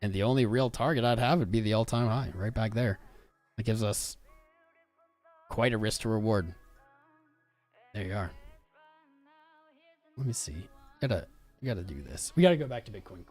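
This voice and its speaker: A man's voice: fairly low pitch, moderate pace, long pauses, darkish tone, soft background music. A man hosting a live crypto trading stream, chatting casually and reading out viewer comments as he goes through charts. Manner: upbeat, chatty, reads viewer comments aloud. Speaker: crypto livestream host.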